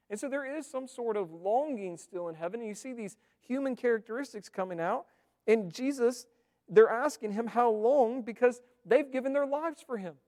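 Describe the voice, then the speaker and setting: Speaking in a high, darkish voice, a male pastor gives a conversational sermon and often turns to the congregation with questions. The recording carries the echo of a reverberant church hall.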